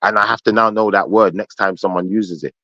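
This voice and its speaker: A man's voice: on the low side, fairly even intonation, fairly quick, pushed and bright, no room sound, dull audio. A man hosting a live podcast panel who argues hard, cuts in and keeps pressing his point. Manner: argumentative, insistent, cuts in. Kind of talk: heated live panel debate.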